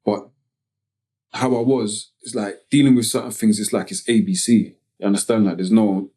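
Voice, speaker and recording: A man from Tottenham with a North London accent, telling a personal story as a podcast guest in slangy, halting speech full of "you get me" tags. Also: fairly low pitch, steady tone, warm tone. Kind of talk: casual storytelling interview.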